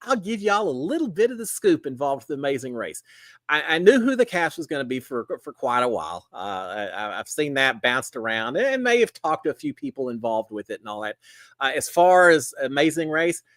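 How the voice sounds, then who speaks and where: A man's voice: mid-range voice, sing-song, a little fast, fairly bright tone, dry recording. A middle-aged man, hosting a casual live stream with a folksy, chatty manner.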